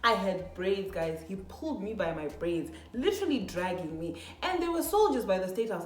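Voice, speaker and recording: A young woman vlogger animatedly tells her viewers a personal story, calling them "guys" and peppering her speech with "literally" and "like." Her mid-range voice moves at normal speed with hardly any pauses, in an echoey room with faint music behind her.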